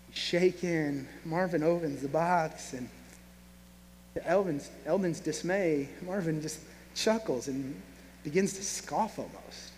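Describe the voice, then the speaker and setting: Pastor guy telling a story in his sermon, fairly high voice, echoey church hall w faint hum. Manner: animated storyteller, acts out quoted voices.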